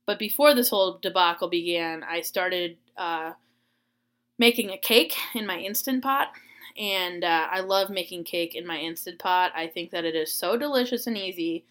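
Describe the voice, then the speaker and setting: A woman's voice: lowish voice, moderate pace, fairly bright tone. A woman in her twenties from Florida, a teacher, telling a rambling personal story in a casual vlog. She is chatty and self-deprecating, with plenty of "uh" and "um".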